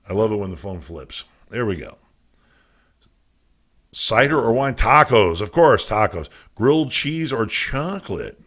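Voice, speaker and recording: A man's voice: fairly low pitch, big pitch swings, normal speed. Rowdy teasing man hosting a live show. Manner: loud, teasing, coaxing the chat room; profane, self-mocking asides. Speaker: podcast host. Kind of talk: casual live show banter. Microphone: desk mic, reading chat on a phone.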